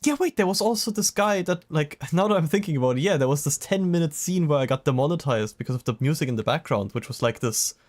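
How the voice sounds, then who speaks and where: A man's voice: fairly high pitch, animated, fast talker, few pauses, a little mellow. A young man casually commenting on a detective game while streaming, chatty and rambling, often laughing, with a slightly sick voice.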